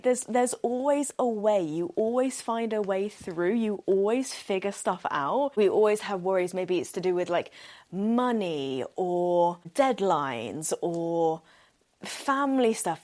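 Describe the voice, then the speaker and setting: A woman's voice: medium pitch, sing-song, a little slow, a little mellow. A young woman hosting a solo podcast, telling a story in an upbeat, chatty way with many "like" fillers, laughing often and acting out what people said. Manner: laughs often and acts out quoted speech. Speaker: podcast host.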